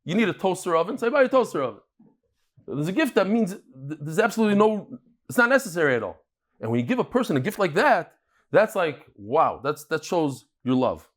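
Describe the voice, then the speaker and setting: A man's voice: high-pitched, very animated, brisk. Chatty storytelling man. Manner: joking, storytelling, chatty with laughs. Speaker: Talmud teacher. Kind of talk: daf yomi lecture with jokes and stories.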